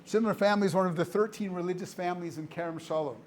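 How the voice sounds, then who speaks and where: Before a live audience in an indoor room, a charity director appearing as a guest speaker tells a story in a high, steady, darkish voice at rapid-fire speed. He's emphatic and dramatic, repeating phrases for effect.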